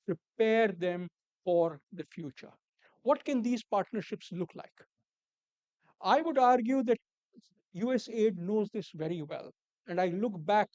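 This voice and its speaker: A man giving a formal conference keynote in a measured, deliberate way, repeating key words for emphasis and dropping the odd dry aside. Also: high voice, a little mellow, no echo, dull audio. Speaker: keynote speaker. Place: conference hall.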